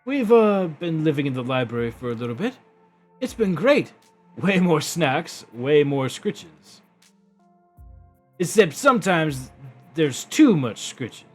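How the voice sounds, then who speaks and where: A spoiled male house cat, voiced by a man from a video game drawls in loose slang about snacks and scritches. The voice is husky and slightly raised, with a lively, bouncing line. Faint music hums underneath. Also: a little high, slow pace, exaggerated voice. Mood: contented. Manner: slangy, laid-back cat talk. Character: smug pampered male house cat, attention-hungry. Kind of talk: reading a visual novel aloud.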